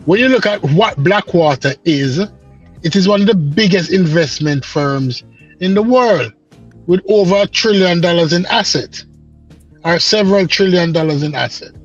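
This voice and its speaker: A man from the Caribbean calls into a live panel, lecturing earnestly and repeating his points. His voice is husky and rather high for a man. The call audio sounds dull and lo-fi, with faint music behind him. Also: moderate pace. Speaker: caller on a live stream panel. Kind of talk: casual political discussion.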